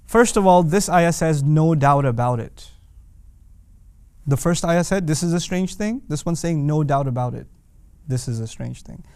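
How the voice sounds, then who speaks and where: A man's voice: on the high side, no echo. Emphatic man lecturing on scripture. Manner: animated, emphatic, asks rhetorical questions. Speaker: Quran teacher. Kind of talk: lecture on Quranic language.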